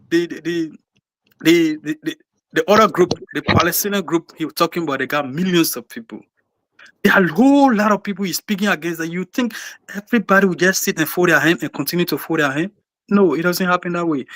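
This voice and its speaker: Emphatic Liberian man, bright and forceful. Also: fairly high pitch, no echo. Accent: Liberian English. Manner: emphatic, repeats words when building a point. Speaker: panelist. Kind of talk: heated talk-show discussion.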